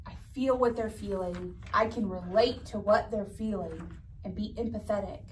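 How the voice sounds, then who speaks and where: A woman's voice: medium pitch, moderate pace, a little hiss or hum. A woman leading a children's church camp, playfully asking the kids questions. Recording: mic from far off.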